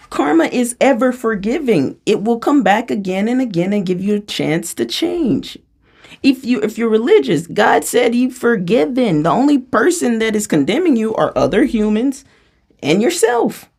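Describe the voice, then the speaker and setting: A spiritual channeler speaking a freestyle channeling monologue, animated and chatty and often laughing. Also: medium pitch, creaky. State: out of breath.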